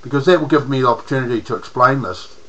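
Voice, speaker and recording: Rambling New Zealand man, bright voice. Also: mid-range voice, fast talker, dull audio. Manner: rambling with frequent restarts and slang. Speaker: political vlogger. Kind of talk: casual monologue to camera.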